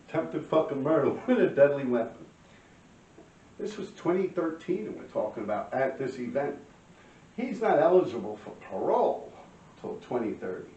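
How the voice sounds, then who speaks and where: A middle-aged man tells a street story in a casual, profane, animated way, often clearing his throat. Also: on the high side. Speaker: graffiti writer telling a story. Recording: roomy, distant, dull lo-fi mic.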